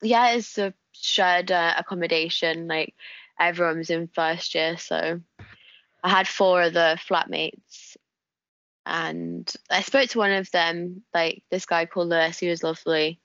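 Chatty northern English woman, slightly low. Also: steady tone, measured pace, fairly bright tone, no echo, dull audio. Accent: northern English, Wigan area. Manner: chatty, laughs often, tells anecdotes. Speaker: podcast guest. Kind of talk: casual chat.

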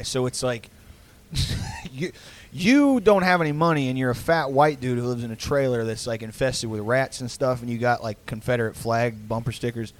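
A man in casual podcast chat, rambling with lots of fillers, swearing and laughing often. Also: medium pitch.

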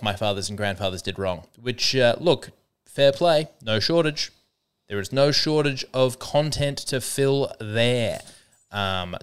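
A man's voice: fairly low pitch, clean tone. A young man hosting a comedy podcast alone, talking in a rambling, wry and self-mocking way. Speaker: podcast host. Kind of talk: comedic solo podcast monologue.

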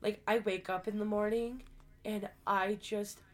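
A woman's voice: medium pitch, steady tone, measured pace. A woman co-hosting a casual podcast, sick and short of breath, telling stories with lots of swearing and laughter. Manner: profane, laughing storyteller. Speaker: podcast co-host.

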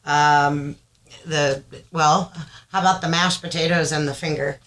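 A woman's voice: deep voice, unhurried, low-quality recording. A woman co-hosting a casual podcast, telling a story with lots of laughter. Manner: animated storyteller, laughs often. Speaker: podcast co-host. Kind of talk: casual chat.

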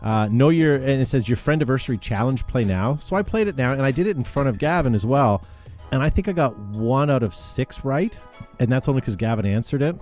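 A chatty male podcast host runs through announcements with plenty of ums and easy laughter. His voice sits at an ordinary middle pitch. Faint music plays behind him. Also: expressive, fairly quick, darkish tone. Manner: chatty, laughs often, many fillers. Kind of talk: casual show announcements.

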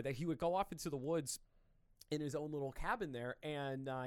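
A man's voice: fairly high pitch, no echo, studio quality. Joking, foul-mouthed male podcast host. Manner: loose, joking, swears freely. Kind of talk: casual chat.

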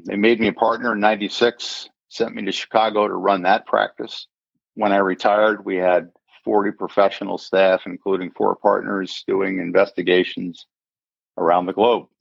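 A man's voice: lowish voice, little pitch movement, normal speed, gravelly, breathy edge, no room sound. An older man, a retired forensic accountant, telling a story in an interview and acting out the voices of the people in it. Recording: dull lo-fi sound.

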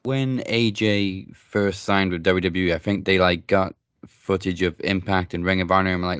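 A man's voice: low voice, normal speed, dry recording. A man co-hosting a podcast, chatting in a laid-back way and swearing casually. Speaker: podcast co-host. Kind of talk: casual chat.

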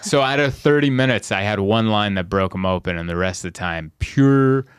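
A comedian telling stories in a casual podcast chat, animated and often laughing as he mimics people. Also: on the low side, normal speed, clean tone, no echo, clean studio sound.

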